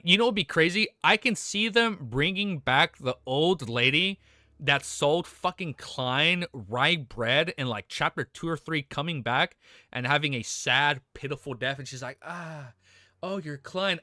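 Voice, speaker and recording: A young man reading a novel aloud on a live stream, his voice fairly high and forceful. He breaks off casually to swear and call out "dude", often emotional. The sound is close and dry. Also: moderate pace, no echo.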